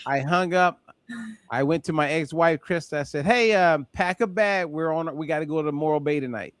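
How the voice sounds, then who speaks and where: A man hosting a group call, telling an animated story and acting out the voices of people in it. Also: a little high, moderate pace, clean tone, no room sound, studio quality. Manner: animated, acts out voices in anecdotes. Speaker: host. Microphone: call audio.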